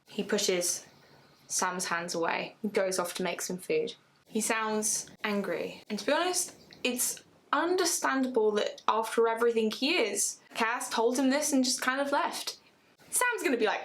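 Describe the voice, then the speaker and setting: A woman casually retelling a fan story, chatty and animated, swearing freely as she goes. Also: fairly high pitch, moderate pace, low-quality recording.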